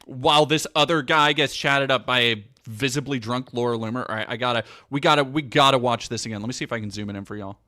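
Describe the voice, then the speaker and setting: A man's voice: mid-range voice, fast talker, few pauses, pushed and bright. A man giving casual, sarcastic, profane commentary on video clips as a streamer.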